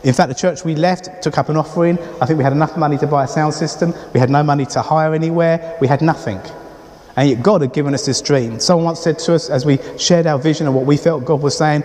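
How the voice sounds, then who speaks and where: Guy preaching in church, fairly high voice, long echo, chatty asides. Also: quick pace, a little mellow. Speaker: pastor. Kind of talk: sermon. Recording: reverberant church hall.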